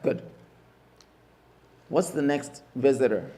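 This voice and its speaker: A man teaching Arabic letters in a mosque class, slowly drilling each sound and repeating the spelling emphatically. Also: mid-range voice. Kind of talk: classroom lesson.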